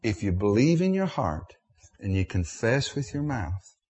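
A man's voice: lowish voice, very animated, a little slow, a little mellow, breathy edge. A middle-aged man preaching a sermon, emotional and repetitive, with restarts.

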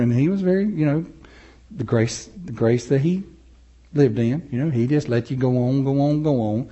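A man preaching a sermon, moving between loud, rising passages and low, slow, soft ones, chuckling often. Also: muffled recording. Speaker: pastor.

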